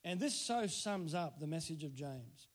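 A middle-aged man preaching a sermon, emphatic, repeating key phrases and slowing down to stress them. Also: a little high, animated. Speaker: pastor.

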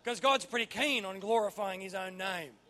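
A man preaching a sermon, swinging from quiet asides to loud emphatic bursts. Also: high voice, normal speed. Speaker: pastor.

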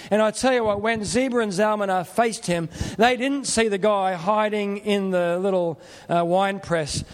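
A man's voice: sits high, moderate pace, long reverb tail, slight background noise. A middle-aged man preaching a sermon in a plain-spoken, earnest, conversational way. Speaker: pastor.

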